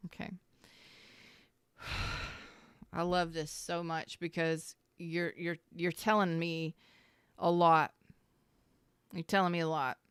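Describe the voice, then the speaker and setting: Low, crystal-clear woman reading tarot. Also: little pitch movement, takes it slowly, pauses often. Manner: emotional, earnest, talks straight to the listener with frequent sighs and repeats; informal, swears now and then. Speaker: tarot reader. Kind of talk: casual spoken tarot reading.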